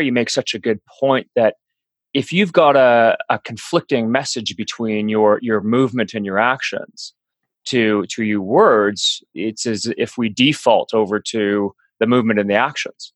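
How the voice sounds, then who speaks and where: A man hosts an interview, responding to his guest and asking questions. His speech is casual, with frequent restarts. The recording is close and dry, with a voice of middling pitch. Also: dry recording. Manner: conversational, halting restarts. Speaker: podcast host. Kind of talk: podcast interview.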